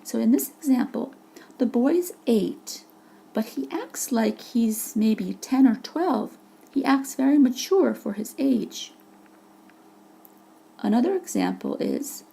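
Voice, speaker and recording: Woman teacher doing a slide lesson voice-over, slow and patient, bit of fry in her voice. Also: fairly high pitch, lively intonation, mellow. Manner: slow, patient, explaining with examples. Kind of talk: vocabulary lesson narration. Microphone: voice-over for a slide presentation.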